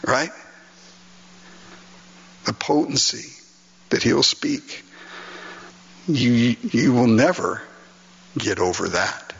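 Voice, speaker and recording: A man's voice: medium pitch, animated, slow, gravelly, long pauses, slightly rough, in a large hall, muffled recording. A male pastor preaching an earnest, emphatic sermon, often breaking into laughter.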